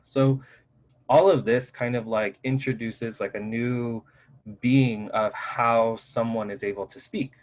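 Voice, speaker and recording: A man's voice: mid-range voice, steady tone, takes it slowly, poor audio. A man teaching a casual recorded lecture in a loose, conversational way, with many filler "like"s, into his own microphone. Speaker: college instructor. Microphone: personal microphone.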